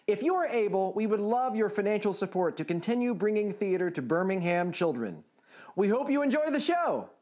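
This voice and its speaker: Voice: medium pitch, very animated, a little fast, darkish tone. A theatre staff member giving a formal welcome announcement, phrase by phrase.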